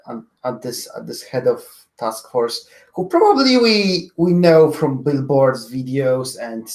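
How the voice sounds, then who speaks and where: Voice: medium pitch, a little mellow. A tabletop game player describing their character's actions in a rambling way, with many likes. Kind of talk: tabletop role-play. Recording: roomy echo.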